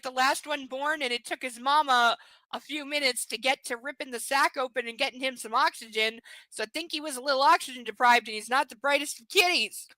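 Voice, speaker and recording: A woman's voice: high-pitched, sharp tone, no echo, low-quality recording. A woman chatting casually on a live stream, rambling and playful, sometimes slipping into baby talk with her pets. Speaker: streamer reading aloud.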